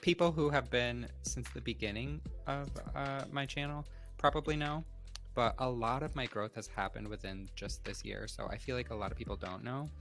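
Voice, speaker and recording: A streamer talking in a relaxed, slightly tentative way on a video-call panel. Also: medium pitch, normal speed, faint music behind. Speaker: streamer and podcast guest. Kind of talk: casual panel chat.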